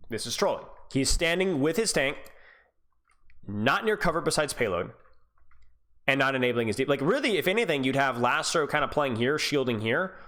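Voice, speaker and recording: A man's voice: medium pitch, expressive, moderate pace, fairly bright tone. A man coaching and streaming, casually analyzing an esports match, chatty with frequent restarts and asides to viewers. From Scottish heritage. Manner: casual, chatty, many restarts, thanks subscribers. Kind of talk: live stream game analysis.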